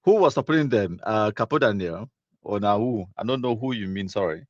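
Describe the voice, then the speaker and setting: A man's voice: fairly low pitch, lively intonation, a little fast, dry recording, highs cut off. A man with a Cameroonian accent hosting a live stream, casually reading viewer comments aloud, mixing in Pidgin and laughing often.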